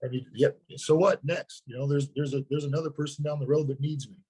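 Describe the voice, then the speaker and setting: A hoarse man, a sales partner, talking earnestly in a webinar interview and often repeating words as he starts a thought. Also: medium pitch, level tone, fast talker, warm tone, low-quality recording. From North Dakota.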